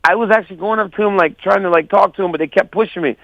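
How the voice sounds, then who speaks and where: A man calling in as a guest fighter, telling stories animatedly and quoting others in lively voices. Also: high-pitched, very fast, no room sound. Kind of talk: casual phone interview. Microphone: phone call. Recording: dull lo-fi phone line.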